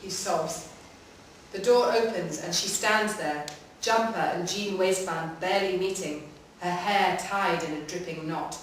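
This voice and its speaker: Low-voiced woman reading in an echoey hall. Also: unhurried, far from the mic, slight background noise. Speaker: reader. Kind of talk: live reading of a short story. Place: public library room.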